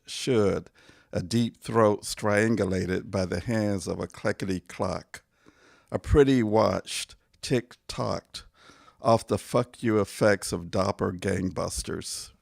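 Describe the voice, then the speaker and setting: A man, a poet, reading his own poems aloud in a measured, deliberate way, pausing between phrases, his voice going hoarse. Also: on the low side, a little mellow, no room sound, studio quality. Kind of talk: poetry reading.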